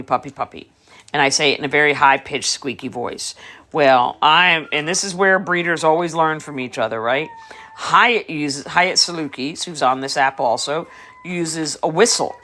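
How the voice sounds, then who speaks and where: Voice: mid-range voice, bright, forceful tone. A dog breeder talks casually through a live stream. The speech is chatty and loose, and it explains things at length. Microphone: phone or device on a live stream.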